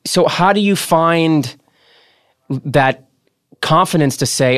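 A man hosting a podcast, asking relaxed, probing questions in casual conversation. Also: on the high side, slow pace, dry recording, studio quality. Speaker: podcast host.

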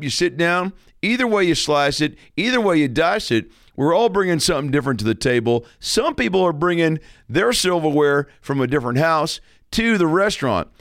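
A man's voice: fairly high pitch, gravelly, fairly bright tone. A man playing a brash, crude older male TV doctor hosting a talk show, rambling and leering. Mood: pompous. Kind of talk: improvised comedy sketch.

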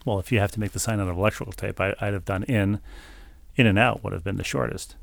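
A man's voice: on the low side, fairly even intonation, quick pace, vocal fry, no room sound. A man co-hosting a podcast, reading listener emails aloud with dry, wry asides in casual chat.

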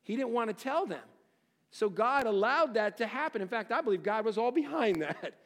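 A high-voiced man preaching with wide, lively swings of pitch. He throws rhetorical questions at the congregation and moves from ringing exclamations to near-hushed lines. His voice carries a long reverb, as in a large hall. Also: normal speed. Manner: dramatic, swings between loud exclamations and near-hushed phrases; asks the listeners rhetorical questions. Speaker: pastor. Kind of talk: expository sermon.

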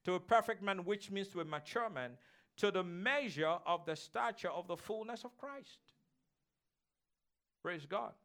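A male pastor delivers a sermon with a fairly high-pitched voice. He hammers his points home through repetition and has the congregation repeat his lines back. He speaks from a church sanctuary. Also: lively intonation, measured pace, bright, forceful tone. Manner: emphatic, repetitive preaching that calls for congregation responses.

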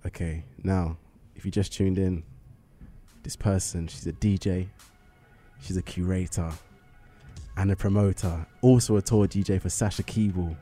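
A man's voice: low voice, fairly even intonation, normal speed, dark tone, soft background music. A man hosting a radio show from a studio, chatting and joking casually with his guest. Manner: chatty, joking, laughs easily.

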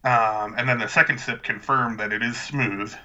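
A man co-hosting a casual podcast in a very bright, cutting voice. He is chatty and rambling, with dry humor. The audio is slightly dull and muffled. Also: mid-range voice, fairly even intonation, moderate pace. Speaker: podcast co-host. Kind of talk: casual chat.

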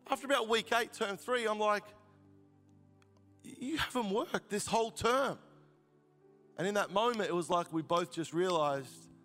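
Fervent preacher, high bright voice. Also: male voice, long reverb tail. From Australia. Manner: storytelling, grows fervent and emotional. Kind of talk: sermon testimony.

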